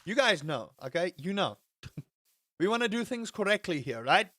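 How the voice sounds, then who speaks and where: A man's voice: sits high, big pitch swings, moderate pace, bright, forceful tone, no echo, studio quality. Rambling young man streaming to chat. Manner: rambling, repeats words, swears. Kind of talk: casual live-stream chat while gaming.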